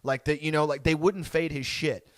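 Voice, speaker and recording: A young man rambles through a story with lots of cursing and laughter, his voice a little higher than most. The sound is close and dry. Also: steady tone, normal speed, dry recording. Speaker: podcast co-host. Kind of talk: casual storytelling.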